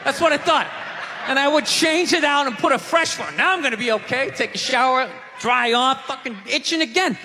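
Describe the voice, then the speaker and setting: A man's voice: very high voice, brisk. A man doing a stand-up comedy set on a theater stage, ranting in a profane, exasperated way. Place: theater stage before a live audience. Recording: live theater recording with crowd noise and reverb.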